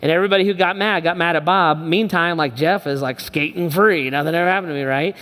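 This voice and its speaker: A man's voice: on the high side, fast, a bit bright. A man preaching a sermon as pastor, conversational and emphatic, repeating his phrases for weight. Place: church auditorium. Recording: echoey church hall.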